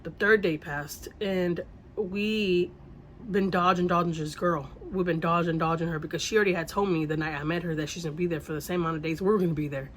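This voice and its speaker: A woman's voice: on the low side, fairly even intonation, brisk. Woman rambling through a storytime, repeats herself a lot, faint hiss behind. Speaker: vlogger telling a story. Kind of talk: casual storytime.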